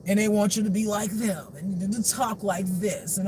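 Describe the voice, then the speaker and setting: Spiritual reader, male, high-pitched; animated, profane, laughs a lot while preaching to his audience. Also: normal speed, hardly any pauses, slight background noise. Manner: animated, laughs often, swears freely; preachy, addresses the audience directly. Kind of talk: casual spiritual talk.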